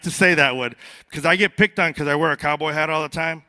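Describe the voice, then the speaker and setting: A man's voice: on the high side, quick pace, bright, forceful tone. A man who is a border patrol agent giving a conversational, joking speech on stage to a live audience, often repeating words as he starts a sentence. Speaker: border patrol agent speaking at a youth summit. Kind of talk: conference speech.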